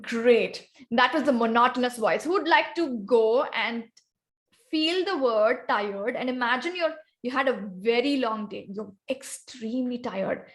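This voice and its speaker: An unhurried woman with a voice on the high side and an Indian accent gives an instructive talk on speaking skills. She is a guest speaker covering vocal variety in an online club workshop, inviting volunteers by name.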